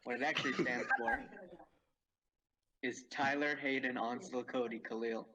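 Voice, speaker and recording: A man's voice: mid-range voice, steady tone, normal speed, very noisy. A teenage boy guest in a casual podcast, talking hesitantly with many ums. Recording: distant, dull mic.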